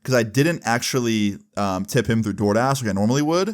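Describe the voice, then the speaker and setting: A man's voice: mid-range voice, animated, fairly quick, noisy background. A man in his twenties casually telling a personal story, laid-back and rambling, full of "like" and "right?". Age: 20s. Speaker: storytime YouTuber. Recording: background music under voice.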